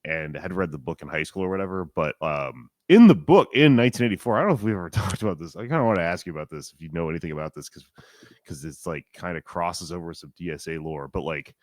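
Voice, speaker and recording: Deep-voiced rambling man in his forties. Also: fast, no echo, clean studio sound. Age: 40s. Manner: rambling, animated, profane. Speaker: podcast co-host. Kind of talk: casual podcast chat.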